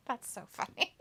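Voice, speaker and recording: A woman co-hosting a live stream in casual chat, with a nasal, cackly voice, teasing and swearing freely as she reads out viewer comments. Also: bright, forceful tone. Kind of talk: casual watch-along chat.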